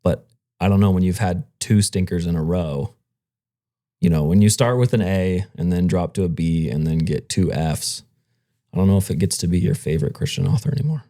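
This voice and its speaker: A man co-hosting a podcast, talking in a relaxed, casual way. His voice is very deep, with a dark, mellow tone. He critiques things wryly and chattily, with plenty of fillers. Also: a little fast. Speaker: podcast co-host. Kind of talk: casual chat.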